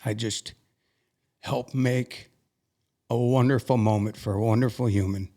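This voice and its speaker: A young man earnestly recounting a personal story as an interview guest, halting and emotional at times. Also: medium pitch, steady tone, dark tone.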